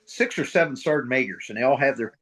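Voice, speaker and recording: A middle-aged retired Marine sergeant major from middle America, telling war stories in a blunt, profane way and acting out the dialogue. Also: male voice, medium pitch, lively intonation, fast, fairly bright tone. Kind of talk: casual storytelling interview.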